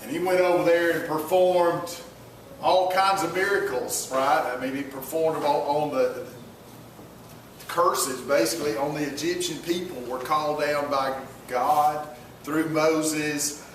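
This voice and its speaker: A man retelling a story in a folksy, rambling sermon, tossing little asides to his listeners and restarting his sentences. His voice sits fairly high and he talks unhurriedly. The sound is very echoey and comes from well away from the mic. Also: steady tone, a little slow, a little hiss or hum. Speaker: preacher. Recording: very echoey room, mic far off.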